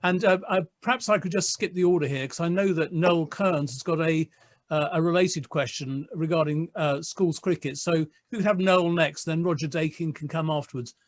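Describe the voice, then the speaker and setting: A man chairing an online question session, politely calling on members in a hesitant manner with frequent pauses. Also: a little high. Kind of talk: moderating a Q&A.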